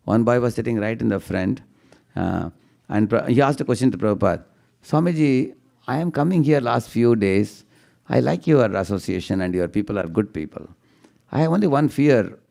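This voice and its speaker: A man giving a devotional storytelling lecture, chanting verses slowly and often asking the audience "huh?". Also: fairly low pitch, creaky, mellow. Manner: chants verses in a slow singsong; tags lines with questioning "huh?" to the audience. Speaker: speaker giving a devotional class.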